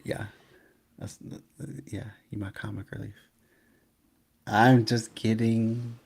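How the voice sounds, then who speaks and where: A man's voice: fairly low pitch, level tone, takes it slowly, creaky, darkish tone, slightly rough. A man hosting a casual stream, commenting on history in a loose, joking way.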